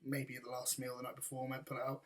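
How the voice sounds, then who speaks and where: A man's voice: medium pitch, completely flat delivery, rapid-fire, fairly bright tone. Chatty bodybuilder man. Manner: casual, chatty, blunt, rambling. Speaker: bodybuilder and coach. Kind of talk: vlog answering viewer questions.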